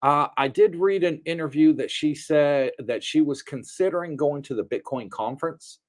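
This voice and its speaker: A man's voice: a little high, moderate pace. A man hosting a casual livestream from his home, greeting viewers by name and chatting about news. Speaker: livestream host. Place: home in Thailand.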